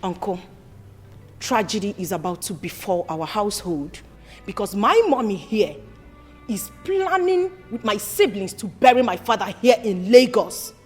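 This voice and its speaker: A woman's voice: mid-range voice, lively intonation, faint music behind, close to an everyday voice. An actress with a Nigerian accent playing a fiery grown daughter who scolds her family after her father's death. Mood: pleading. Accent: Nigerian English. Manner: scolding, sharp, rapid accusations. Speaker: actor. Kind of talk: Nollywood film acting.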